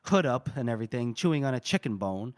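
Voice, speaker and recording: There's background noise behind this medium-pitched man, who speaks quickly with lively intonation. Co-hosting a podcast, he riffs on a fantasy novel chapter in casual chat, acting out lines and swearing freely.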